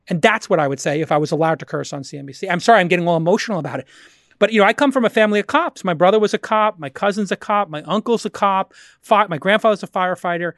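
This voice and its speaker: A man's voice: sits high, rapid-fire, fairly bright tone, dry recording, clean studio sound. A middle-aged American man on a podcast, ranting in a heated, profane, emphatic way. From United States. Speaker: podcast guest.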